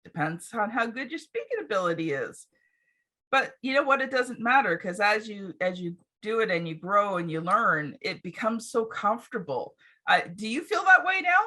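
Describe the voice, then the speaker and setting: Bright, chatty woman podcast host. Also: mid-range voice, very animated, normal speed. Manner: chatty, reflective, many fillers. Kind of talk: casual chat.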